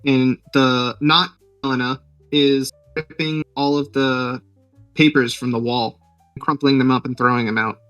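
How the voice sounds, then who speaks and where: A man's voice: medium pitch, fairly even intonation, unhurried, fairly bright tone, smooth, no echo, recorded from a distance, lo-fi sound, soft background music. A man hosting a podcast, retelling a film's plot in a rambling, joking way with lots of fillers. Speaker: podcast host. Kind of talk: casual movie recap.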